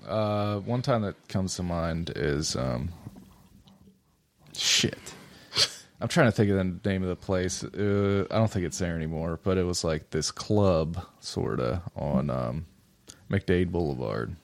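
Low-voiced man telling loose stories. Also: measured pace, slight background noise. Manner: loose, profane storytelling with laughs. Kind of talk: casual chat.

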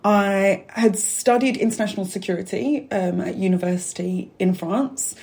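A woman's voice: medium pitch, normal speed, gravelly, a little mellow. A woman, a guest talking openly and animatedly in an interview, with asides and fillers. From England. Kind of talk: interview conversation.

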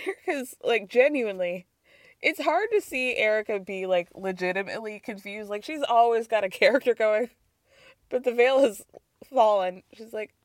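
A woman's voice: mid-range voice, normal speed, no echo, clean studio sound. A woman hosting a casual recap podcast, gossiping and laughing as she acts out quotes, with a cold. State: has a cold. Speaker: podcast host.

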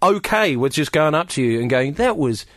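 Animated male comedian telling a story. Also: on the high side, brisk, no room sound, studio quality. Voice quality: animated storyteller, acts out quotes. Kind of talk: casual chat, anecdote.

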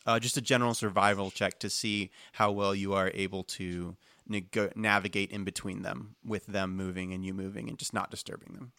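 Guy running a tabletop game, jokey and rambling, bright crisp voice, dry sound. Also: lowish voice, no echo. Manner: chatty, jokey, trails off with ums. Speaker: game master.

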